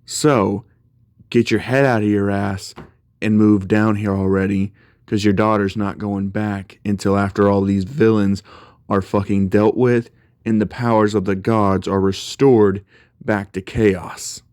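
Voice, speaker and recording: A man's voice: on the low side, level tone, a little slow, a little mellow, clear, resonant tone, no room sound, clean studio sound, close to an everyday voice. A man voicing Poseidon, a stern, blunt king of the gods. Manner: blunt, scolding, swears.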